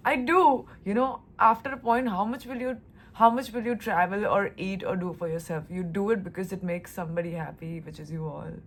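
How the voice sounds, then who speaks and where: A woman's voice: medium pitch, a little fast, a little hiss or hum. A young woman from India talking casually to camera in a vlog, chatty and emotional, gushing over everything. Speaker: lifestyle vlogger.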